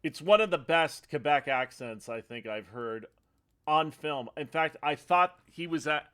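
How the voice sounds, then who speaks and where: A man's voice: fairly high pitch, lively intonation, measured pace, fairly bright tone, smooth. Rambling, chatty male streamer. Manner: rambling, chatty, laughs often. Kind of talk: casual chat over gameplay. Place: home streaming setup.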